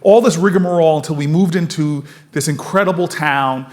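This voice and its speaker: A man in his forties from the United States giving an energetic storytelling speech at a forum, laughing often as he moves around the room. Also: a little high, a little fast, slight background noise. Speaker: political speaker at a forum.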